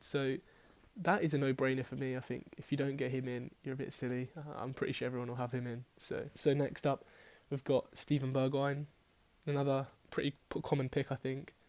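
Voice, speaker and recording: Chatty man, flat delivery. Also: medium pitch, fairly quick. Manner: chatty, rambling, self-correcting, swears casually. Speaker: fantasy football host. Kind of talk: casual team-selection talk.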